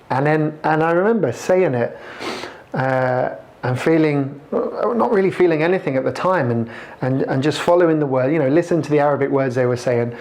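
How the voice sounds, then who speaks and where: A man telling his own conversion story to a camera, halting and reflective, with many restarts. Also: medium pitch, a little mellow. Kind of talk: personal testimony to camera.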